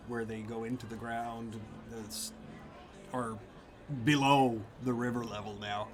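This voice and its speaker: Guy gm narrating a tabletop session, real slow and halting, lots of uhs, bit of hiss behind. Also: mid-range voice, fairly bright tone. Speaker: game master.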